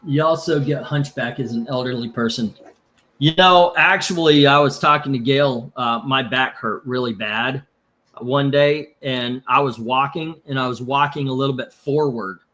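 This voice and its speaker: A man's voice: mid-range voice, normal speed, sharp tone. A man hosting a live comic book auction stream, chatting casually in a rambling, joking way and reading out viewer comments. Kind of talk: casual livestream chat.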